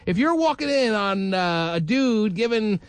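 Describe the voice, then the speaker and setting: A man's voice: sits high, expressive, measured pace, clear, resonant tone, no room sound. A man hosting a call-in radio show, talking casually and joking sarcastically with callers and co-hosts.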